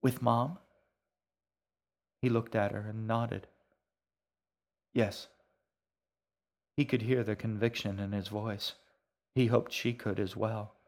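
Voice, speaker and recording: Low-voiced man reading his own story. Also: little pitch movement, normal speed, a little mellow. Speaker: author reading his own serialized novel. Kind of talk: audiobook narration.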